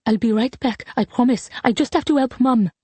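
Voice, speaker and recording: A woman's voice: on the high side, a little fast, dark tone, breathy edge, no room sound, voice pushed up. Woman voicing a frightened, determined young woman. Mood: urgent. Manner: urgent and anxious.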